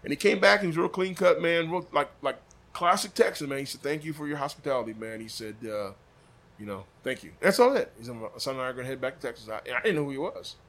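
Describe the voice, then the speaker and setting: A man from Des Moines telling a story casually, acting out quotes with big jumps in his voice. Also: quick pace. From Des Moines, Iowa. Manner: animated, acts out quotes with big pitch jumps. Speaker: barbecue sauce maker, podcast guest.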